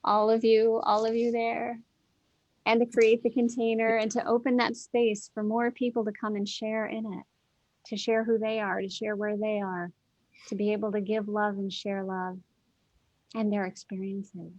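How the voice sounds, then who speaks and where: A woman's voice: mid-range voice, little pitch movement, normal speed, darkish tone, no room sound, muffled recording. Earnest woman in spiritual talk. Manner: earnest, repeats phrases for emphasis, many "you know"s. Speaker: guest. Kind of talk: heartfelt spiritual conversation.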